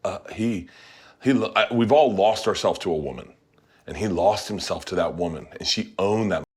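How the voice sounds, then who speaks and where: Low-voiced guy hosting a kitchen chat, loud storyteller, laughs a lot. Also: normal speed, slightly rough. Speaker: host.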